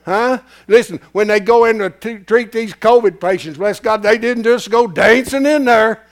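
Man, preacher, high voice, gravelly, hoarse, whisper to shout. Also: normal speed. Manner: swings from hushed whisper to shouting; folksy, repetitive preaching. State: losing his voice. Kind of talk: sermon.

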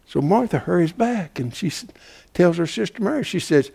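Preacher guy, folksy and dramatic, high voice, huge pitch swings, whisper to shout. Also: lively intonation, normal speed, vocal fry, husky. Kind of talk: sermon.

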